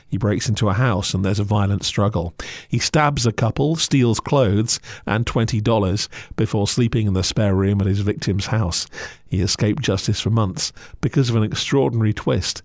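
A man's voice: on the low side, a little mellow, no room sound. A man reviewing podcasts in a scripted, sardonic way, full of dry asides.

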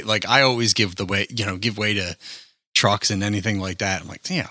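A man in casual podcast chat who talks in an animated way, laughs a lot and swears. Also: fairly low pitch, fairly quick, dry recording, studio quality.

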